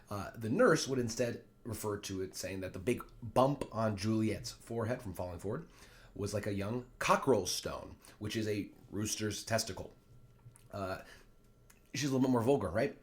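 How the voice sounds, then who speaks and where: A man's voice: fairly low pitch, normal speed. A man teaching a play line by line, reading quoted lines in raised voices and then explaining them plainly.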